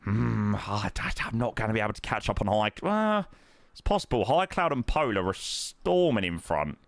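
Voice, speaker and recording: A man chatting casually to his live-stream viewers as he plays, thanking supporters and reacting loudly to his own guesses. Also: lowish voice, normal speed, gravelly, no echo. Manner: excitable, swings between muttering and loud outbursts. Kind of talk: casual live-stream chat while playing.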